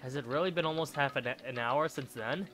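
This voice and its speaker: A man's voice: mid-range voice, fairly quick, a bit bright, close to an everyday voice. A man reading a game's dialogue aloud as a nervous teenage schoolboy, in an uneasy inner-monologue manner, over game music. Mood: puzzled. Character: nervous teenage boy, new student.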